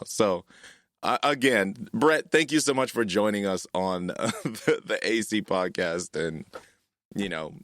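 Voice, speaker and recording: A man's voice: fairly low pitch, a little slow, fairly bright tone, no room sound, studio quality. A man in his thirties hosting a podcast, chatting casually and laughing often. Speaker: podcast host.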